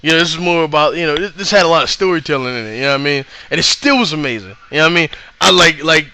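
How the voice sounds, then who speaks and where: A young man casually recapping a live wrestling show, excitable and laughing often, with a voice worn from yelling. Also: fairly high pitch, very fast. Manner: excitable, laughs often, lots of fillers and curse words.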